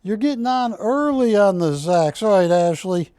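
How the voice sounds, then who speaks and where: Jokey man pitching items on live TV. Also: lively intonation, moderate pace, a little mellow, clear, resonant tone, no echo, studio quality. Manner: jokey, chatty salesman banter. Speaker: shopping channel host. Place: TV studio.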